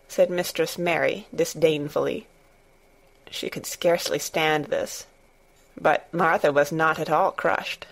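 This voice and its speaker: A woman narrates a classic novel as an audiobook. Her reading is measured and steady, in a slightly low voice. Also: creaky.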